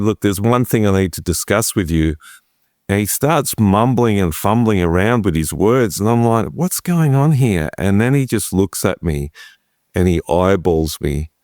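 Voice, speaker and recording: Middle-aged preacher, deep voice, home-office storyteller, lively. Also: male voice, measured pace, no room sound, clean studio sound. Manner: animated, acts out quotes, chats with his wife. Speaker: preacher telling his story. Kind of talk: conversational storytelling interview.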